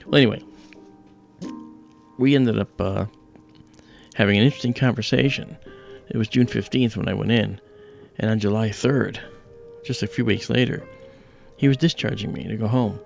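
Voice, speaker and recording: Gravelly low-voiced man telling a story. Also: moderate pace, long pauses, soft background music. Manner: storytelling, acts out quoted voices, many fillers. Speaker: livestream host. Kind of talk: casual livestream chat.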